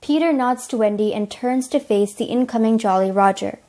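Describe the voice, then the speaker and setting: A woman's voice: a little high, normal speed, dark tone. A teenage girl reading plain storybook narration for a school play. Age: teens.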